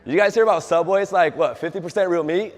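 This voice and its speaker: A man's voice: high-pitched, quick pace. A young man, a fitness trainer, giving a casual motivational talk to a group, often asking them questions and acting out quoted dialogue. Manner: chatty, asks the audience questions, acts out quoted dialogue. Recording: long hall reverb.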